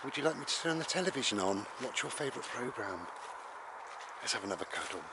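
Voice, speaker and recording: A man's voice: medium pitch, big pitch swings, quick pace, heavy background noise. A man doing a cooing, fussing mum. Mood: tender. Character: doting, fussing mother nursing a sick child.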